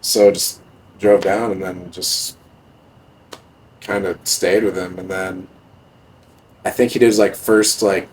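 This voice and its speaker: A young man tells stories as a podcast guest, relaxed and loose, dropping swear words and fillers freely. His voice sits low, with a faint hum of ambience behind it. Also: slow pace, pauses often, low-quality recording. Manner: laid-back, heavy swearing, many fillers. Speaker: podcast guest, music producer. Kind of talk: casual storytelling.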